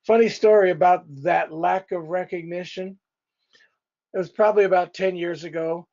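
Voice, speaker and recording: High-voiced pastor teaching a couples class. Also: male voice, steady tone, normal speed, gravelly, a little mellow, lo-fi sound. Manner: conversational, addresses couples directly.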